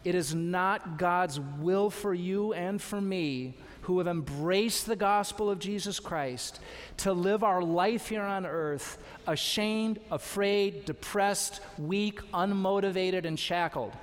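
A man's voice: sits high, slow, big-room sound. A man preaching a sermon as pastor, exhorting his congregation with repeated calls to trust and obey. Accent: American. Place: church sanctuary.

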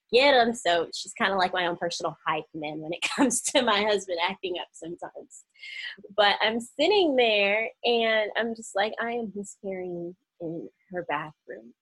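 A young woman from Oklahoma with a husky voice, telling a personal story straight to camera. She talks casually and acts out the voices of people in the story. Her voice sits at a middle pitch. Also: low-quality recording. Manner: animated storytelling, acting out quoted voices.

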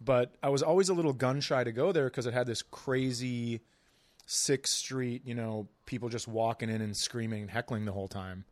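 A man's voice: medium pitch, moderate pace, no room sound. A man talking as a guest on a podcast in easygoing casual chat, sometimes restarting his sentences.

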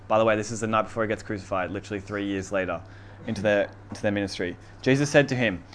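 A man's voice: fairly low pitch, quick pace. Man preaching in a casual, laughing way. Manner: laughs often, reads scripture aloud emphatically. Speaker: pastor. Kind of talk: casual sermon.

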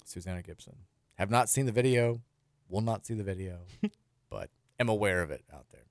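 A man's voice: fairly low pitch, fairly quick, dry recording. A man hosting a sports radio show in a studio, reading out listener texts in a loose, rambling way with frequent restarts and chuckles.

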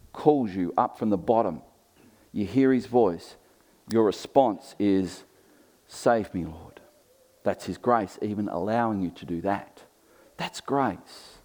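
A man in his thirties preaching a sermon, expressive, moving between emphatic and quiet delivery. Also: lowish voice.

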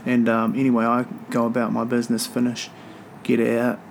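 A man rambles through his rugby podcast with a gravelly, fry-laced voice at an ordinary middle pitch. He swears freely and keeps an offhand, chatty tone. Faint noise sits under the recording. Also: completely flat delivery, moderate pace. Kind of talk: casual solo podcast chat. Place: home near an airport.

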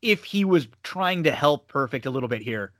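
Man, bouncy lively pitch, slightly high voice, halting casual chat. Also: no echo, studio quality. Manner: halting, restarts often.

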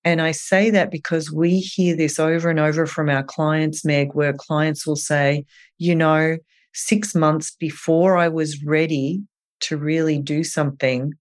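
Gentle, earnest clinician giving advice. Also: mid-range voice, level tone, measured pace. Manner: gentle, earnest, explains step by step. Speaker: eating disorder clinician guest. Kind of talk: advice in an interview.

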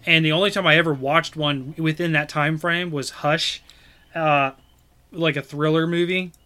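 Rambling man with a bright voice. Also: a little high, steady tone, normal speed. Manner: rambling, lots of fillers and restarts. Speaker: podcast host. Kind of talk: casual chat.

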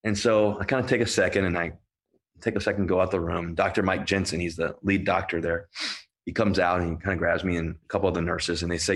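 A man's voice: low-pitched, little pitch movement, fast talker. A man telling a personal story to an audience, earnest and emotional, often restarting and repeating himself. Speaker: guest speaker.

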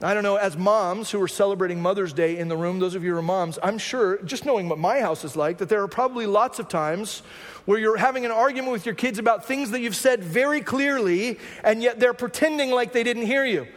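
A man's voice: sits high, a little fast. A man, a pastor, giving a sermon in a conversational teaching manner with frequent asides to the congregation. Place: church sanctuary. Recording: long hall reverb.

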